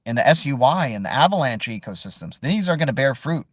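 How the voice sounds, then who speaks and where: A man's voice: medium pitch, very animated, fast, fairly bright tone, no room sound, studio quality. A man hosting a casual live chat stream, rambling and joking with viewers and calling them "dude" and "man". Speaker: crypto livestream host.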